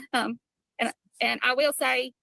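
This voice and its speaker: Giggly rambling woman on a live, raspy fry-heavy voice, kinda high. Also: steady tone, slow, bright, forceful tone, no echo. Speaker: livestreamer in a played clip.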